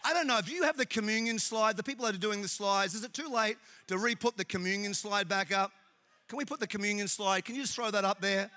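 A middle-aged Australian man preaching a humorous sermon in church, telling animated, jokey stories. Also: high voice, fast.

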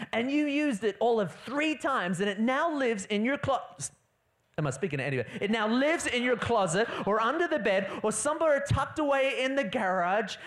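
Speaking in a mid-range voice, a preacher delivers a funny, animated sermon to a live church audience, dropping to a quiet voice for emphasis.

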